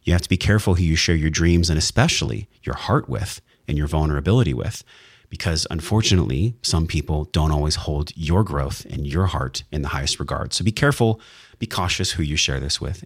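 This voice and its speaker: A man's voice: rumbling low, dry recording, clean studio sound. A man hosting a wellness podcast, speaking in an earnest, heartfelt monologue with emphatic, sometimes profane emphasis. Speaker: podcast host.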